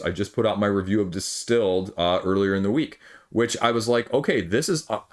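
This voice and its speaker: A young man with a lowish voice talks through board game news in a loose, casual way. He rambles, jokes at his own expense and drifts into side stories before pulling himself back on track, recorded at home late at night. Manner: rambling, self-deprecating, with frequent asides. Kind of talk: casual video commentary.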